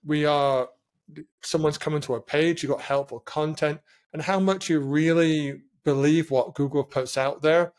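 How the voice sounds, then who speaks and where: A man's voice: on the high side, unhurried. Brief: male podcast guest on a call, chatty storyteller, wanders off on tangents. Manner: rambling, animated storyteller. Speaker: podcast guest, SEO consultant. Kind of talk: casual podcast chat. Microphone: remote call.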